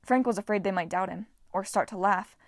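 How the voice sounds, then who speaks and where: A woman narrates an audiobook with a lively, expressive delivery. Her voice sits in a middle pitch. The recording is dry, close and free of room sound. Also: brisk, no echo.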